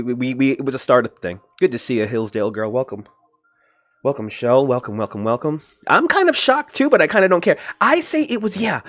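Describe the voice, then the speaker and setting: A man chatting live to his viewers from home, loose and rambling as he greets them one by one. His voice is dry and close, with no room sound around it. His pitch sits in a middle range but leaps up when he gets worked up. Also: dry recording. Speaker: livestream host. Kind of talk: casual livestream chat.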